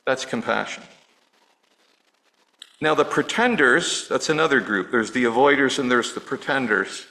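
A middle-aged male pastor preaching a sermon in an earnest, personal way, dropping low and quiet on words of grief. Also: expressive, normal speed, vocal fry, rough recording. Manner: earnest, personal, softening to near-hush on grief.

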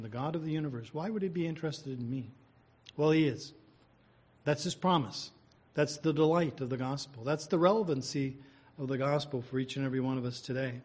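A man's voice: on the high side, moderate pace, slightly rough. A man preaching a sermon, reading scripture, praying and asking the listeners rhetorical questions in an earnest, conversational way.

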